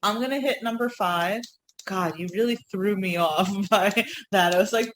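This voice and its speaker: A woman's voice: medium pitch, moderate pace, fairly bright tone, slight background noise, poor audio. A woman with a New York accent co-hosting a casual podcast, telling rambling stories with frequent laughs and apologetic asides. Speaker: co-host.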